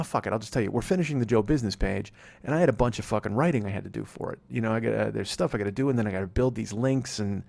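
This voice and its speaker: A man in his forties hosts a podcast solo, his voice on the low side, gravelly and a little mellow. It's a casual monologue where he rambles, swears, and pokes fun at himself.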